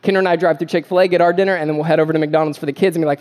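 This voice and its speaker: A man's voice: fairly high pitch, fairly even intonation, rapid-fire, hardly any pauses, a little mellow. A man preaching a sermon as pastor, earnest and emphatic, with repeated phrases and joking asides about family life.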